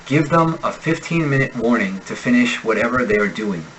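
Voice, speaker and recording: American male accent coach, mid pitch, careful clear drill reading for a lesson. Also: animated, fairly bright tone, slight background noise, poor audio. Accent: General American. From United States. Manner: slow, deliberate enunciation of sample words. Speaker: accent instructor. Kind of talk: reading example sentences in a pronunciation lesson.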